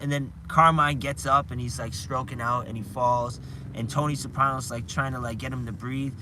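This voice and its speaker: A man's voice: mid-range voice, brisk, pushed and bright, slight background noise. A man chatting casually on a live stream, rambling and restarting his sentences, chuckling now and then. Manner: rambling, restarts often, chuckles while retelling scenes.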